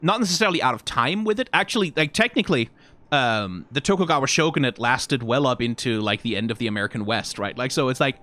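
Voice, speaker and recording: A man reacting to game character designs in casual, rambling commentary, full of fillers, restarts and sudden excited jumps. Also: fast talker. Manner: rambling, frequent fillers and self-corrections; animated, pitch jumps when excited.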